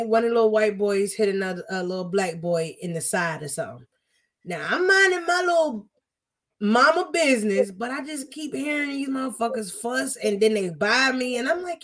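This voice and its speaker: Young woman cussing her way thru a story, kinda high voice, loose podcast chat. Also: normal speed. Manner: profane, animated storytelling. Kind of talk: casual chat.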